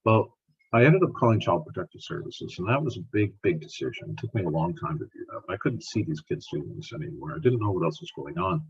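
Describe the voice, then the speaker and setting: Husky-voiced man telling stories. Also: deep voice, fast talker, dull audio. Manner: animated, repeats words while telling stories. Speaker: podcast guest, scientist. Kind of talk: storytelling in conversation.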